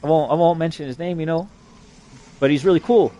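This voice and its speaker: A young man with a fairly high but dark-toned voice speaks fairly quickly. He rambles through a lengthy, crude story, cursing nonstop and filling gaps with fillers.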